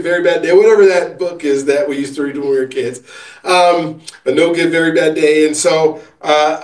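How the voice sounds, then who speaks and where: A man's voice: on the high side, distant mic. A man, an author and coach, telling a long story in an interview, with many fillers and restarts. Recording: roomy, from off the mic.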